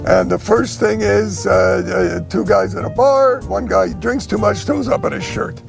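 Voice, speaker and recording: A man telling a string of dirty jokes in a deadpan talk-show manner, rattling through the punchlines. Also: high voice, measured pace, gravelly, over music.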